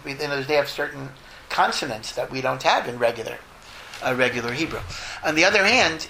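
A man, a rabbi answering a question in an informal talk, thoughtful and lively, mixing in Hebrew and Yiddish terms. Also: mid-range voice, noisy background.

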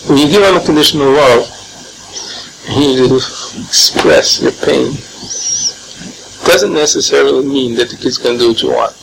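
A man teaching an informal Torah class, animated and joking, sprinkling in Hebrew and Yiddish terms. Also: medium pitch, a little slow, creaky, pauses often. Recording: noisy room recording.

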